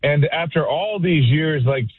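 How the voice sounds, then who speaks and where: A man's voice: on the high side, a little slow, slightly rough, no echo. A man calling into a sports radio show, chatting casually and praising the host. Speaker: caller. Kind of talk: call-in radio chat. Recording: tinny phone line.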